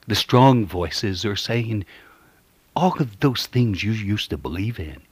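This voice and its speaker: A man preaching a radio sermon, swinging between fervent swells and hushed whispers as he quotes scripture. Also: lowish voice, husky, no room sound.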